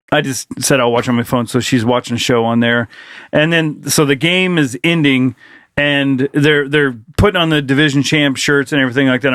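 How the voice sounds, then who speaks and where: A man co-hosting a podcast in casual chat, telling animated stories, acting out what people said and swearing freely. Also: medium pitch, no echo, clean studio sound. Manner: animated storyteller, acts out quotes, swears freely. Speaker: podcast co-host.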